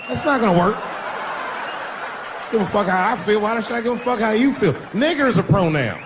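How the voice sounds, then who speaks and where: A man performing a stand-up comedy set, telling a profane story with animated delivery and sudden jumps in his voice. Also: high voice, brisk, a crowd in the background, background noise.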